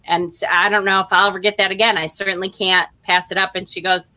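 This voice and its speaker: A woman's voice: mid-range voice, level tone, fast, pushed and bright. A middle-aged woman casually telling a story to her viewers, chatty and laughing often. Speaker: vlog host, tarot reader.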